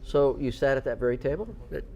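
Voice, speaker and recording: A talkative man co-hosting a live local TV shopping show in a studio. He chats on easily, at a middle pitch, and playfully drops into a gruff mock tough-guy voice when he wants to stress a point. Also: fairly even intonation, quick pace, a little mellow. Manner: chatty, bursts into a mock tough-guy voice for emphasis. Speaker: local TV co-host.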